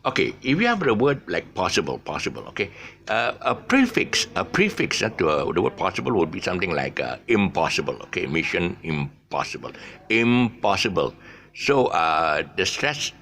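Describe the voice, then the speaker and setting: Rambling male teacher, gravelly, bright tone, lively pitch, faint noise behind. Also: fairly quick. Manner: rambling, many fillers and restarts. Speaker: English teacher. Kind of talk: casual spoken English lesson.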